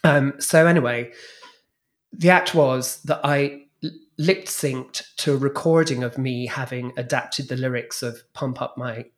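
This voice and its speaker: A man with a medium-pitched voice speaks at a measured pace. He's a guest on a podcast, a former club DJ and drag performer, and he tells frank, bawdy anecdotes about his old stage acts with animated energy.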